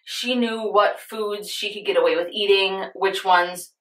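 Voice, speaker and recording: A woman's voice: medium pitch, fairly even intonation, unhurried, a bit bright. A young woman beauty vlogger chatting to viewers while getting ready, telling an earnest personal story and calling her audience "you guys". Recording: roomy echoey room.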